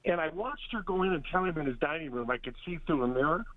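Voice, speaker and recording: A man calling in to a radio show, telling a rambling personal story with halting restarts. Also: a little high, expressive, dry recording. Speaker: caller. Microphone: telephone. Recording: phone line.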